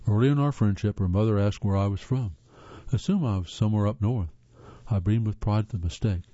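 A man's voice: lowish voice, fairly quick, mellow, dry recording. A man from the northern United States reading articles aloud as a host, earnest, with spoken asides and occasional stumbles. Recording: slightly dull lo-fi sound.

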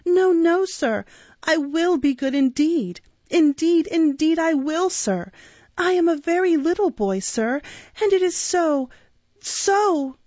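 A woman voicing a frightened little workhouse boy who pleads through sobs in a high, trembling voice. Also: expressive, slow pace, a little mellow, no echo, heavily acted. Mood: sobbing plea. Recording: dull, dry recording.

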